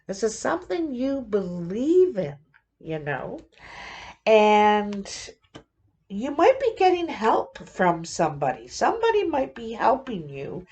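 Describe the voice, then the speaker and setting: A woman giving a casual tarot reading, thinking aloud in a halting, musing way with many fillers. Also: on the low side, darkish tone. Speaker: tarot reader.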